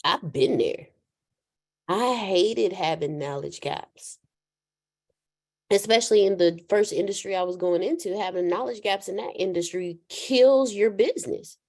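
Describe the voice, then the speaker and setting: A woman hosting a casual faith chat, animated, laughing and telling stories like a preacher. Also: medium pitch, measured pace. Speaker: host.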